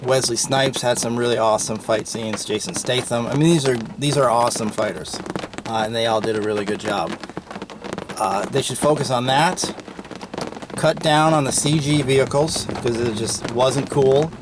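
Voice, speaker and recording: A man's voice: mid-range voice, steady tone, normal speed, noisy background. A man hosting a podcast, giving a casual, opinionated movie review with frequent ums and uhs. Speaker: podcast host.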